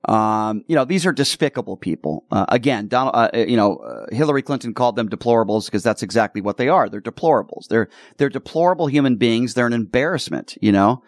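A man's voice: mid-range voice, expressive, brisk, few pauses, dry recording, clean studio sound. A man hosting a talk radio show who delivers an opinionated, indignant commentary and stumbles over repeated words as he gets worked up.

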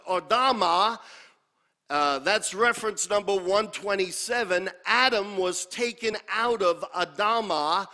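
Man preaching slow and deliberate, voice sits high, echoes through a big hall. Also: bright, forceful tone. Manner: calls for congregation responses; repeats key words for emphasis. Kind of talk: sermon teaching with scripture. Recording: long hall reverb.

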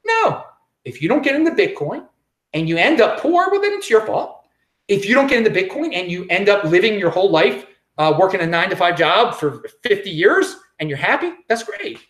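Casual commentary, blunt, dismissive, repetitive emphasis, animated pitch. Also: fairly quick. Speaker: vlogger.

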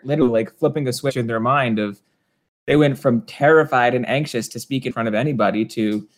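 A man who works as a stage hypnotist, telling stories in an interview in an animated way, often laughing and acting out voices. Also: mid-range voice, fast talker. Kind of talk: conversational interview storytelling.

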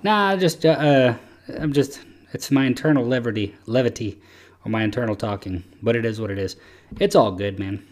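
A man's voice: mid-range voice, moderate pace. A man hosting a casual podcast chat, rambling and easygoing with lots of fillers. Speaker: podcast host.

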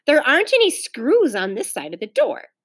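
A woman's voice: high-pitched, wildly swooping pitch, moderate pace, voice pushed up. A woman reading aloud and voicing a practical, mildly exasperated mother.

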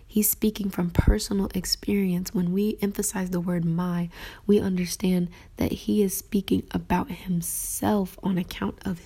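A woman giving a casual devotional talk about her journaling, earnest and reflective, often dropping into a soft whisper. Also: on the low side, gravelly, breathy edge. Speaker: faith vlogger sharing her journaling.

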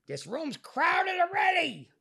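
A man voicing a stubborn, confused male patient in his nineties who shouts and drags out his words. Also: very high voice, huge pitch swings, slow, creaky, voice pushed up, exaggerated voice. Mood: indignant.

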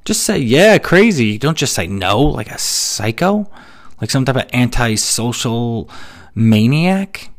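A man hosting a solo comedy podcast, ranting sarcastically about everyday annoyances and mocking people in quick put-on quotes. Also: medium pitch, sing-song. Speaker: podcast host. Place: New York City.

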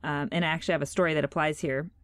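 A low-pitched woman in her thirties hosts a casual podcast chat. She tells her story loosely, with plenty of fillers and restarts. The sound is dry and close. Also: fairly even intonation, racing, no echo. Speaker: podcast host.

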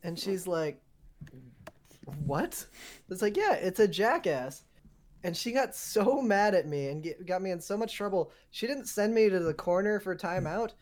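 A young woman casually telling a story to friends, animated and swearing, acting out the quotes. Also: medium pitch, normal speed, hardly any pauses.

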